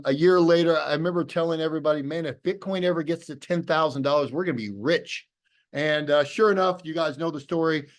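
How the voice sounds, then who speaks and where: A man giving a motivational talk to an audience over a video call, telling a story and acting out both sides of remembered conversations. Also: a little high. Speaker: business opportunity presenter.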